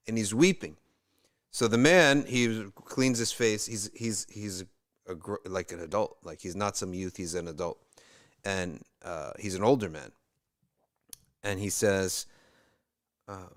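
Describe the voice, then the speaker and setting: A man with a fairly low voice tells a religious story to listeners. He talks casually and conversationally, breaking off to restart phrases and add quick asides. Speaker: religious teacher. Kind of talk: storytelling talk.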